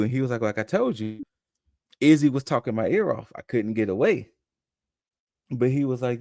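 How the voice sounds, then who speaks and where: A man's voice: mid-range voice, a little fast, dark tone, dry recording. Laid-back man recapping casually, dry sound. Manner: loose, conversational, acts out quotes in passing. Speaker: podcast co-host recapping wrestling.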